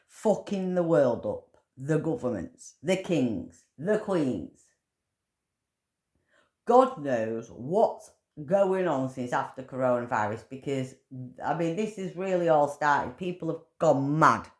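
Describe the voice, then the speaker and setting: A woman ranting to camera, swearing heavily and rambling as she grows loud and heated. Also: deep voice. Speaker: vlogger. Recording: echoey room.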